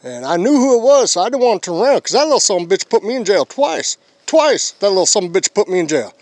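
A man's voice: high voice, very animated, quick pace, a little mellow, dry recording. A young man vlogging and telling a story to camera in a crude, rambling way, swearing a lot.

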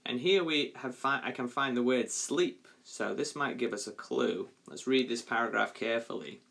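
A male primary school teacher reading a story aloud to his class in a clear, measured way. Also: medium pitch, a bit bright.

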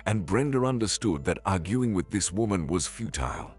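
A man narrating a scripted story in an even, measured way. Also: low voice, slightly rough, soft background music.

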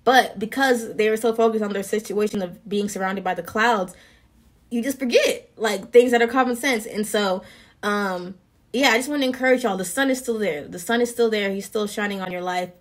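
A woman's voice: medium pitch, normal speed. Earnest young woman vlogger. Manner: earnest, slangy, lively. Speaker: vlogger giving encouragement. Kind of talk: casual faith vlog talk.

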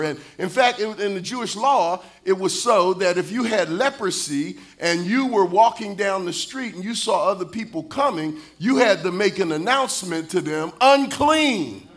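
Pastor, male, high bright voice, preaching with call-and-response, rising to shouts and sung lines. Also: lively intonation, normal speed, hardly any pauses. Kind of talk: sermon.

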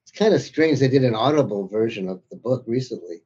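A man's voice: medium pitch, expressive, brisk, dark tone, breathy edge, dull audio. A man being interviewed as an author, chatty and laughing as he tells his stories. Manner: chatty storyteller, laughs through his anecdotes. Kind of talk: anecdotal interview conversation.

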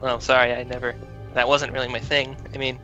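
A woman's voice: a bass voice, little pitch movement, fairly quick, bright, forceful tone, lo-fi sound, faint music behind. A woman playing through a game and reading its lines, with sarcastic, swearing banter. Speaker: player. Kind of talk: casual let's-play banter.

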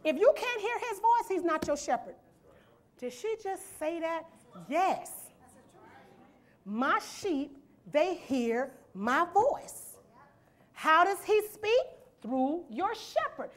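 A woman's voice: very high voice, big pitch swings, slow. A woman preaching a sermon in a church, reading scripture verse by verse and asking the congregation rhetorical questions and "amen?". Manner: rhetorical questions and call-and-response, asks "amen?"; reads scripture aloud and explains it verse by verse.

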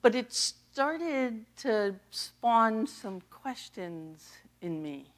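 A middle-aged woman pastor from the US East Coast giving a personal testimony sermon, animated and laughing often as she tells the story. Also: on the high side, extremely slow. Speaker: associate pastor.

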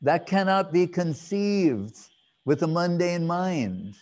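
A man giving a devotional lecture, telling a sacred story in a slow, reflective way with pauses and fillers. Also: high-pitched, animated, a little mellow. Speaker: speaker giving a spiritual talk.

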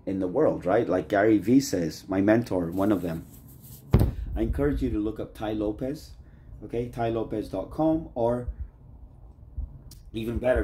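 A man talking straight to camera in a loose, rambling vlog, leaning on "like" over and over and often trailing off quieter mid-thought. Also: fairly low pitch. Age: adult, married. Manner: rambling, loose, leans on "like" constantly. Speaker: vlogger. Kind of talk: casual rambling vlog monologue.

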